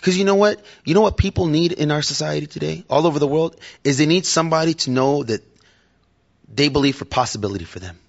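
A man's voice: fairly high pitch, fast talker, creaky, dull audio. A man giving a casual, conversational sermon to his church and joking with the audience. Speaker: lay preacher. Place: church hall.

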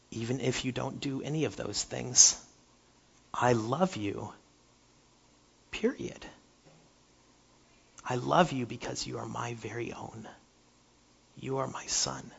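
Man playing a gentle loving god-father, soft and half whispered, husky. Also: mid-range voice, slow, pauses often, dull audio, full character voice. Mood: tender. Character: tender loving heavenly father, gentle and patient.

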